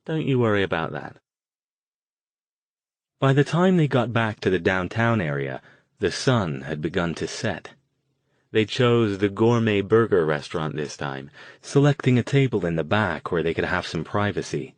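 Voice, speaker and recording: Male audiobook narrator, low voice, steady read, dry close mic. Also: normal speed, no room sound. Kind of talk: scripted narration.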